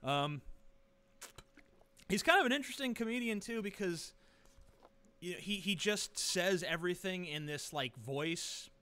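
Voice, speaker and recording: A man's voice: high voice, lively intonation, measured pace, long pauses, sharp tone, clean tone. A man vlogging from his living room into a webcam, sarcastic and profane, rambling with lots of fillers. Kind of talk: casual webcam rant.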